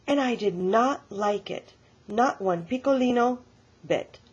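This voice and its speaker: A woman voicing an elderly grandmother who tells a story about her own stubborn childhood in a lively, emphatic way. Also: a little high, measured pace, husky, muffled recording, voice pushed up. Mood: storytelling.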